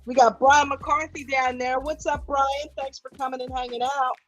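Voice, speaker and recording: A woman's voice: high voice, level tone, normal speed, faint music behind. A woman hosting a livestream, casually greeting viewers one by one in a playful, teasing, affectionate way. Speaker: host.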